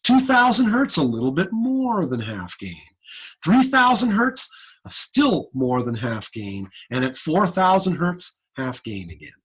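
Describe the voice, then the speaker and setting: A man giving an informal online lecture, lively and blunt, over a computer mic on a video call. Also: a little high, unhurried, breathy edge, dull audio. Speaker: audiology lecturer.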